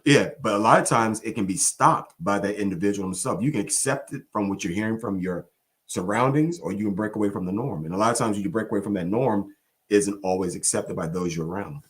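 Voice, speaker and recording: A man hosting a discussion podcast, telling stories in an expressive, animated way. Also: fairly low pitch, fairly quick. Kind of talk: casual discussion.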